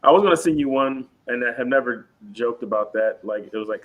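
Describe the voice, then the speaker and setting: Dude just shooting the breeze on a podcast, mid-pitch, jokey, rambling. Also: male voice, fairly quick. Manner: laid-back, rambling, jokey. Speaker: podcast co-host. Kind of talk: casual chat.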